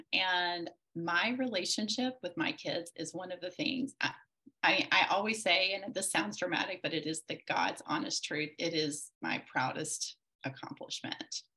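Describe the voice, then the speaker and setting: A woman's voice: on the low side, pushed and bright. A woman in her forties, a podcast guest, telling a personal story candidly and reflectively, with many restarts.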